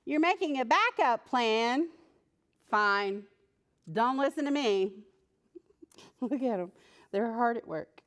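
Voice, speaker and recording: A woman librarian reading a picture book aloud to preschoolers, playful and animated, talking to the characters and laughing often. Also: a little high, takes it slowly, long pauses. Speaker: children's librarian.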